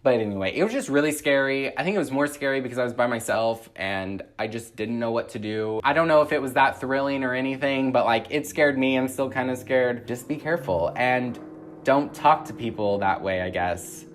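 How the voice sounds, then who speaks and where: A man's voice: mid-range voice, brisk. A young man vlogging a storytime from his apartment, rambling anxiously with lots of "like"s. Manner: anxious, rambling retelling with many "like"s. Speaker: YouTuber. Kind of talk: casual storytime.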